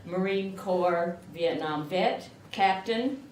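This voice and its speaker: An older woman from southern Illinois, with a rural accent from the area, speaks slowly in a lowish voice. She is an award recipient giving a chatty, self-deprecating acceptance speech at a podium mic, captured from far off in an echoey room with background noise.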